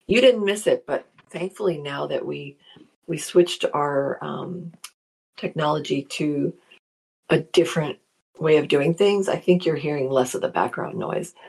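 A woman with a gravelly, low voice and a husky edge hosts a live show. She chats casually, greets listeners by name and reads their comments aloud as a spiritual psychology practitioner. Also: darkish tone. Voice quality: gravelly morning voice.

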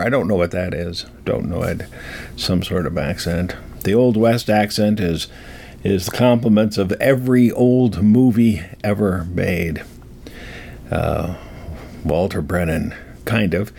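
A man talks slowly and casually to his viewers, his pitch rising and falling freely. He rambles and makes fun of himself. He chuckles often between his words. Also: big pitch swings, vocal fry, darkish tone. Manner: self-mocking, rambling, chuckling. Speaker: vlogger. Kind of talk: casual chat to camera.

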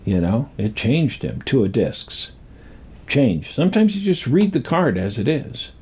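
An older man telling a rambling personal story from his youth, halting and full of pauses and restarts. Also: mid-range voice, big pitch swings, darkish tone, husky.

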